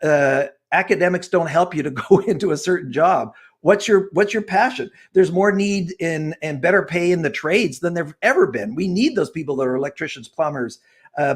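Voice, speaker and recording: A man in his sixties speaks with a fervent, preacherly earnestness as an interview guest. His voice sits high for a man. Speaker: guest author and personality expert. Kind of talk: passionate interview talk.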